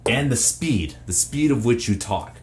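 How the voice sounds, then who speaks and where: A man's voice: mid-range voice, expressive, unhurried. A man giving casual advice to camera, rambling with lots of fillers and restarts. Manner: rambling, filler-heavy, with self-interrupting restarts. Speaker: YouTuber giving personality-type advice.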